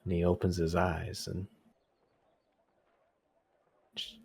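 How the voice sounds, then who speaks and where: A young man as game master, calmly narrating a tabletop game over voice chat. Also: low-pitched, takes it slowly, vocal fry, slight background noise. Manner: calm descriptive narration.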